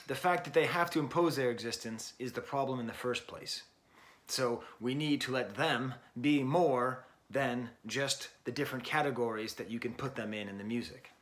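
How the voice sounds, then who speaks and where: A middle-aged man reviews a record casually, his voice medium in pitch and a little bright. He rambles and corrects himself, full of fillers and restarts, staying chatty and wry with small laughs as he talks about the music.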